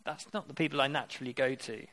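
A man delivering a sermon in an earnest, conversational way. He asks his listeners rhetorical questions and speaks at a middle pitch. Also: quick pace, sharp tone. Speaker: preacher.

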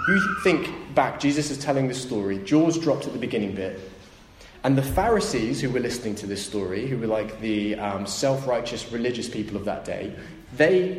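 A man's voice: mid-range voice, slight background noise. A man preaching a sermon, retelling a story and briefly acting out its characters' voices. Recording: echoey hall, faint ambience.

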